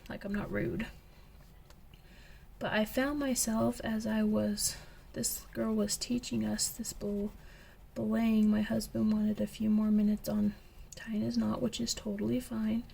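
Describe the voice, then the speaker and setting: A young woman and coloring channel host chatting casually as she tells a story, slipping into whispers when excited. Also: mid-range voice, a little slow, vocal fry, slightly rough. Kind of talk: casual chat while coloring.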